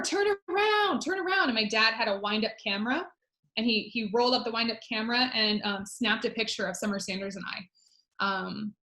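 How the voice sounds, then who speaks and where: A woman's voice: mid-range voice, sharp tone, echoey room. A woman in her thirties, a former Olympic swimmer, telling a personal story on a webinar in a chatty way with many fillers. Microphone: video call.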